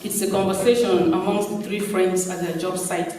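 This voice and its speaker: A man reading a novel aloud to an audience in a measured, unhurried way, at a panel event. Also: sits high, fairly even intonation, dark tone. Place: large hall. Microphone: far from mic. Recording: echoey hall from far off, faint noise.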